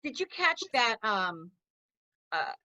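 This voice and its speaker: A woman with a Southern US accent, co-hosting a podcast in relaxed, conversational chat with many short agreeing murmurs. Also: a little high, takes it slowly, dry recording, lo-fi sound. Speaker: podcast co-host. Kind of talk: casual chat recapping a TV series.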